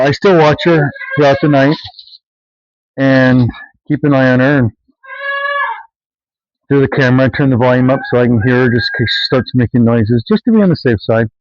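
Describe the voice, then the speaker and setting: Out in a farm yard among animals, a man films a casual walk-and-talk homestead vlog, speaking briskly in a medium-pitched voice with long pauses. His talk is loose and rambling, full of fillers and restarts, and the sound is lo-fi with no room sound.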